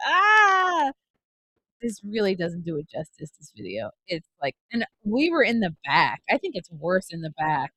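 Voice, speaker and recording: A woman hosting a live podcast, reacting to a roller coaster video with dramatic, animated commentary and silly voices for her own thoughts. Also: medium pitch, slight background noise. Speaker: podcast host.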